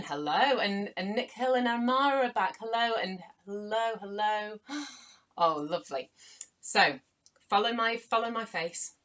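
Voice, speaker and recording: A young woman hosts a live children's writing workshop over a computer mic. She talks to the kids in a playful, animated way, gasping with delight and calling out viewers by name. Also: fairly low pitch.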